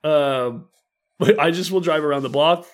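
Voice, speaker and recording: A man's voice: a little high, a little slow. A young man co-hosting a podcast, telling a story in casual chat, acting out quotes and laughing often. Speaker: podcast co-host.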